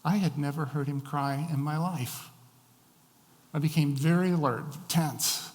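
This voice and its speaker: A man's voice: on the high side, steady tone, a little slow. A man preaching a sermon as a pastor, telling stories with shifting emphasis. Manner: storytelling, varied emphasis. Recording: long hall reverb.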